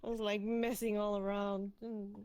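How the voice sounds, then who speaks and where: A woman's voice: mid-range voice, level tone, normal speed, darkish tone. A woman player in a roleplay group chatting casually out of character, giggly and self-deprecating.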